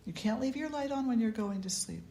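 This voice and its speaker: A woman voicing a firm but loving older grandmother who gives calm, gentle commands. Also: a little high, fairly quick, pitched above the performer's own voice, natural voice. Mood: soothing. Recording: echoey room.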